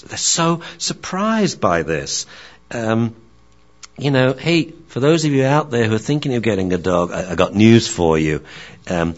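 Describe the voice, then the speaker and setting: Low-voiced man, chatty dog trainer. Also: sing-song, normal speed, muffled recording. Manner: chatty, joking, many fillers and restarts. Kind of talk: casual talk.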